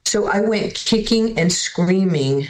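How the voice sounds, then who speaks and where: A woman's voice: mid-range voice, takes it slowly. A woman, telling stories casually as a guest and acting out the voices of the people she quotes. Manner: animated, acts out voices in quotes. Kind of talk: casual storytelling. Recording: echoey room.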